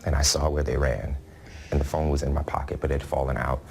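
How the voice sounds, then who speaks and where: A man with an extremely deep voice speaks as a television interview guest. His tone is gravelly, and he recounts events earnestly and with visible emotion, pressing each point. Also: level tone, fast, a little mellow, faint music behind.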